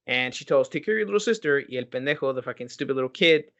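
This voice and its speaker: On a podcast, a man retells a horror movie plot with a lot of energy and frequent swearing, keeping it a casual chat. He talks very fast at a medium pitch. The audio is dull and lo-fi.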